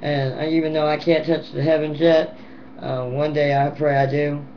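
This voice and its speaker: A hoarse woman recording a rambling, affectionate and teasing home video message to her children. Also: low-pitched, little pitch movement, normal speed, lo-fi sound, slight background noise. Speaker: mother addressing her children.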